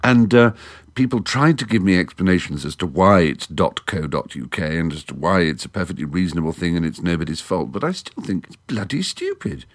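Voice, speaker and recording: A middle-aged Englishman with a low voice hosts a monologue podcast into a studio mic. He talks fairly quickly and is very animated, coming across as wry, theatrical and learned.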